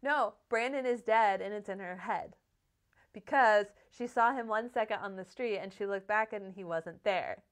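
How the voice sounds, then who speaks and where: A woman in her thirties co-hosting a book podcast, with a smooth, resonant voice at an ordinary middle pitch. She talks casually and swears freely, telling stories with animation and acting out the voices of the people in them. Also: moderate pace. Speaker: podcast co-host.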